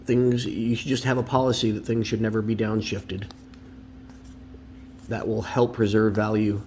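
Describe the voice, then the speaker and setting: A man's voice: fairly low pitch, flat delivery, normal speed, darkish tone, a little hiss or hum. A man hosting a casual card-opening video at home, chatty and opinionated, with rambling asides. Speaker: card collector and video host.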